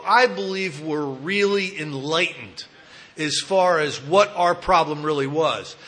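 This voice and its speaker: A man's voice: high voice, pushed and bright. A man giving a personal recovery talk, telling his story candidly with self-mocking humor. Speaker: recovery speaker at a support meeting.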